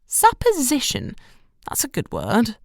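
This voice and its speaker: A woman's voice: a little high, huge pitch swings, measured pace, gravelly, a little mellow, no echo, studio quality, pitched above the performer's own voice, heavily acted. A woman reading the part of a bitter, disapproving middle-aged mother in an audiobook, clipped and reproachful. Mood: tart.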